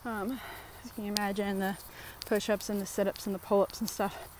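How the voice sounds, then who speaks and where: A woman's voice: medium pitch, little pitch movement, a little fast, noisy background. A woman chatting casually to camera in a rambling vlog, talking outdoors at a park fitness trail. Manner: chatty, rambling, lots of fillers. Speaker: vlogger.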